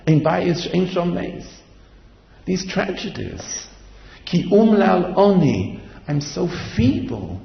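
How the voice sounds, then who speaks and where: A man's voice: high voice, very animated, slow pace, vocal fry, echoey room, in a large hall, muffled recording. A man giving a Torah lecture as a sermon, asking repeated rhetorical questions and chanting verses. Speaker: rabbi giving a Torah class.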